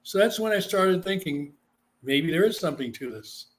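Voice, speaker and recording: Speaking at a normal speed in a high-sitting voice, this Guam-born psychic medium shares a tale in a casual interview. He's lively throughout and gives the people he quotes their own voices.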